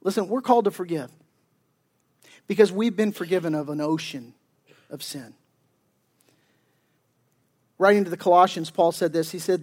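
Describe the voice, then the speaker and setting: A man preaching a sermon as a pastor, conversational and emphatic, with slang, frequent restarts and slower, deliberate scripture readings. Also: sits high, darkish tone.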